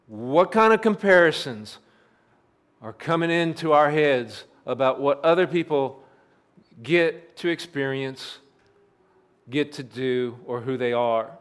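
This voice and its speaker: A pastor telling a story during a sermon, in a plain cadence full of repetition. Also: male voice, mid-range voice, clean tone.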